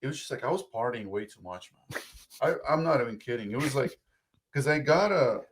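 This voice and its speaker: In a casual interview chat, a guest in his thirties with an Eastern European accent tells his story in a loose, rambling, self-deprecating way. His mid-range voice has lively intonation and a fairly quick pace, with a noisy background.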